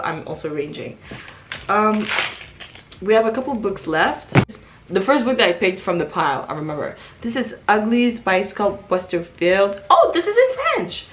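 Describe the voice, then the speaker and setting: A woman vlogger chatting casually through a book haul, reading back covers aloud and reacting with quick exclamations. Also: lowish voice, a bit bright, slight background noise.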